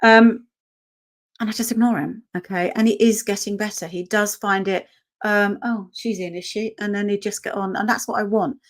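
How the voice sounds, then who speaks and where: A woman's voice: medium pitch, steady tone, brisk. A woman teaching an online dog-training workshop, chatty and often checking in with "okay?".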